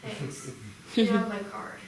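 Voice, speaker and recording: A woman's voice: mid-range voice, takes it slowly, recorded from a distance, background noise. A woman playing a tipsy young college radio station manager, laid-back and rambling, in live improv comedy. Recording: roomy live stage recording from afar.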